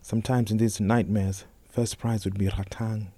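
A young man telling a personal story in a slow, intense spoken-word reading, often sinking to a whisper. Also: fairly low pitch, level tone, mellow, dry recording. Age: young adult.

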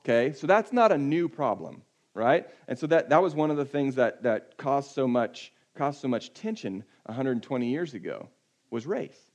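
A man preaching in a loose, conversational way, with a voice of ordinary pitch. He often sinks to a low, quiet tone to press a point. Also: lively intonation, moderate pace. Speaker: pastor. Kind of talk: sermon.

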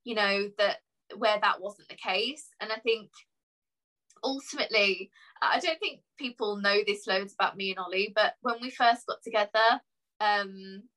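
A young woman with a bright, sharp-edged voice speaks openly and from the heart. She rambles a little with fillers as she shares personal memories, her feeling close to the surface. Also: mid-range voice, normal speed, low-quality recording. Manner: candid, tearful at times, many fillers. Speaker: guest. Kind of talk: emotional personal conversation.

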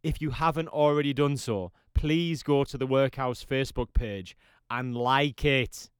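A man's voice: medium pitch, a little slow, clear, resonant tone, no echo, clean studio sound. A man hosting an internet radio show, talking in a rambling casual way. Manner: rambling, with restarts and fillers. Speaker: radio host.

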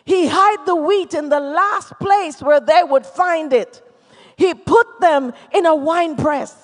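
A man preaching a sermon with fervor, shouting in bursts and then dropping to hushed tones. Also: extremely high pitch. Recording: long reverb of a large hall.

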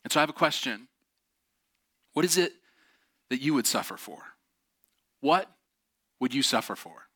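A man giving a motivational talk, telling personal stories in an animated, earnest way and laughing often. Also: medium pitch, moderate pace, long pauses, no echo, clean studio sound. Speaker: speaker.

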